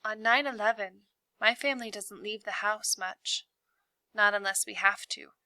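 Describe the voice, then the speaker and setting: A woman reading a novel aloud, voicing a timid schoolgirl who speaks in a soft, shaky way. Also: mid-range voice, moderate pace, smooth, no room sound, natural voice. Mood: tearful.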